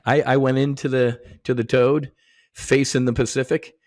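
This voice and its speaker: A middle-aged American man, a podcast guest, telling stories in casual, profane, animated talk full of slang and restarts. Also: mid-range voice, moderate pace, slight background noise. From United States. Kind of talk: casual conversation.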